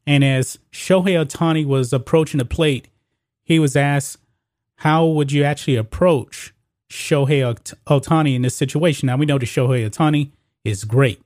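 A man with a fairly high, darkish voice speaks at a moderate pace, recorded cleanly in a studio with no echo. As the sports commentary host of his own opinion channel, he talks casually to viewers and stumbles and restarts while reading news quotes aloud.

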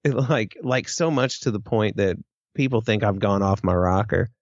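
A man's voice: on the low side, moderate pace, no room sound, highs cut off. A man co-hosting a podcast, earnest and rambling, poking fun at himself. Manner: earnest, rambling, self-deprecating. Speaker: podcast co-host. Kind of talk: casual podcast chat.

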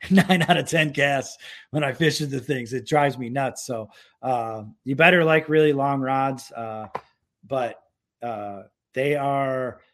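Rambling man from New York. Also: mid-range voice. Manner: rambling, many filler words. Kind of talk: casual podcast chat.

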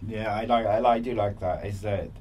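A man's voice: lowish voice, steady tone, brisk, dull audio. A man hosting a podcast, asking long rambling questions in casual chat. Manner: chatty, rambling questions with many fillers. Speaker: podcast host. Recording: distant voice with faint room noise.

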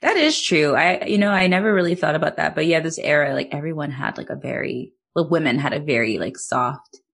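A woman with a low, husky voice chats casually on a podcast. She recaps a film in a loose, rambling way, full of filler words and the odd swear. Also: animated, fast, fairly bright tone. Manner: chatty, many "like"s, swearing, laughs easily. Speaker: podcast co-host.

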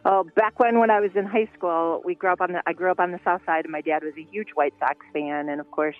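A woman's voice: on the low side, fairly even intonation, quick pace, dry recording, soft background music. A woman calling in to a radio show and telling a story from her school days. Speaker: caller. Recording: tinny phone line.

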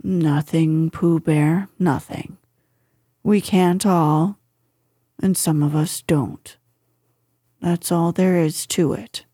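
A woman's voice: lowish voice, steady tone, takes it slowly, long pauses, mellow, slightly rough, no echo, clean studio sound, pitched below the performer's own voice. A woman voicing a gloomy old gray male donkey in a storybook, talking in a mournful, self-pitying way.

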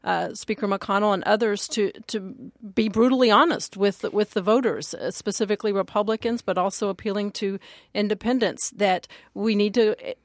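A woman's voice: mid-range voice, normal speed, no echo. Woman pundit on a politics panel, earnest, keeps restarting, dry sound. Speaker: political commentator.

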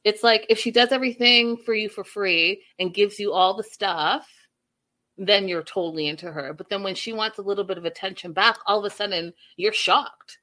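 A woman's voice: medium pitch, moderate pace. A woman casually recapping a reality show episode, reading viewer comments and acting out the people's lines with sassy asides. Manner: animated, acts out quotes with sassy asides.

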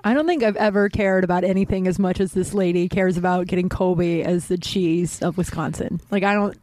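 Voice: medium pitch, fairly even intonation, fairly quick, darkish tone, no room sound. A podcast co-host in casual comedic chat, playful and full of questions. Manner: playful, asks lots of questions.

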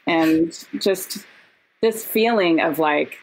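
A woman, a podcast guest and actress, telling stories in casual chat, animated and laughing, with quick asides. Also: lowish voice, slight background noise, rough recording. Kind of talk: casual storytelling.

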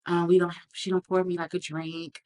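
Woman guest, deep voice for her sex, earnest reflective storyteller. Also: little pitch movement, a little fast, a little mellow. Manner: earnest, reflective, acts out quoted lines. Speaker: podcast guest. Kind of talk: candid personal storytelling.

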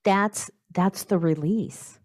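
A woman hosts a casual conversation with a slightly low voice. She speaks in an encouraging, reflective way. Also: slow pace, darkish tone.

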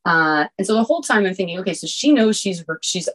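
Woman lawyer, podcast guest, lowish voice, measured and explanatory. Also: expressive, fairly bright tone, low-quality recording. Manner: measured, explanatory, with frequent "you know" fillers. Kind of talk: casual interview conversation.

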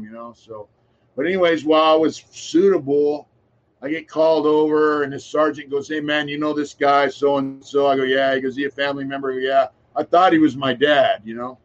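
Middle-aged man, relaxed storyteller, trails off into mutters; muffled, lo-fi audio. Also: a little high, brisk. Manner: laid-back, rambling, drops to a mutter at line ends. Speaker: podcast host telling his story. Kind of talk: casual storytelling chat. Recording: dull lo-fi sound.

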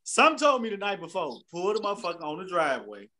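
A man's voice: sits high, wildly swooping pitch, quick pace, pushed and bright. A man co-hosting a podcast, telling a long profane story in casual chat. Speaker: podcast co-host.

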